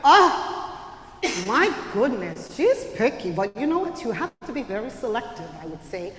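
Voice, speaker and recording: A woman's voice: on the high side, sing-song, normal speed, recorded from a distance. A woman telling a puppet story live, playful and chatty with asides to the audience. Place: church hall, live event. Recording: echoey hall, faint room noise.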